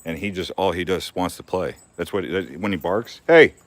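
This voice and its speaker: A man's voice: deep voice, moderate pace, no echo. A young man hosting a casual live-stream Q&A from his backyard garden, rambling and laughing often. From Arizona.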